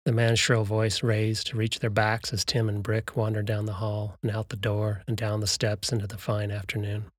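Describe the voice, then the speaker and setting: A man narrating a story in a steady, even storytelling voice. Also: on the low side, moderate pace, hardly any pauses, slightly rough, no room sound, clean studio sound. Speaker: audiobook narrator. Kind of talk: scripted narration.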